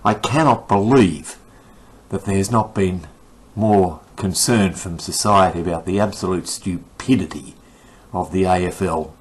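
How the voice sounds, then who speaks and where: A man's voice: sits low, measured pace, breathy edge, rough recording. An older man, giving an indignant, sarcastic rant about the day's news. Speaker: commentator. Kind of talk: ranting opinion monologue.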